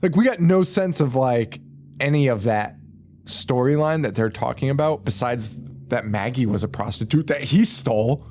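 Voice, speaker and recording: Brief: male podcast host, lively swinging pitch, profane, giggly, rambling movie chat. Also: moderate pace, a little hiss or hum. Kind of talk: casual movie review chat.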